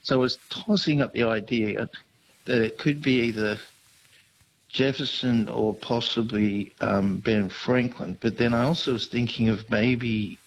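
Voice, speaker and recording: A man's voice: medium pitch, fairly even intonation, a little slow. A man calling in to a radio quiz, rambling and hesitant as he thinks aloud. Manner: rambling, hesitant, full of ums. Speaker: caller. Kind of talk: casual phone-in chat. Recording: dull phone line with faint noise.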